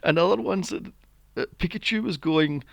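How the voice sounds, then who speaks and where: A man's voice: high voice, normal speed, creaky, no echo. A man co-hosting a movie podcast, ranting in an exasperated, sweary way and mocking characters with silly voices. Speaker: podcast co-host. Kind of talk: casual movie review chat.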